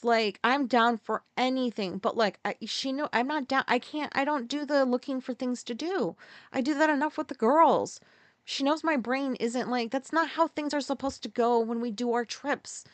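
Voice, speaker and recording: A woman hosting a podcast, candidly telling a personal story in a halting, profane way, full of restarts and sudden jumps up in pitch. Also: no echo. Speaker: podcast host.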